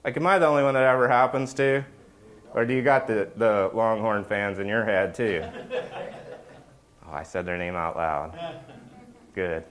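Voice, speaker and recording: A man's voice: on the low side, normal speed, long pauses, a bit bright. A middle-aged man giving a casual, joking sermon as a pastor, often checking in with the congregation by asking "right?".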